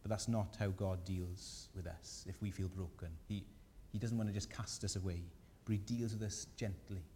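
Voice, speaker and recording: Gentle pastor preaching in an echoey hall. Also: male voice, sits low, steady tone, moderate pace, few pauses, a little hiss or hum. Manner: earnest, gentle preaching with rising emphasis. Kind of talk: sermon. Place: church.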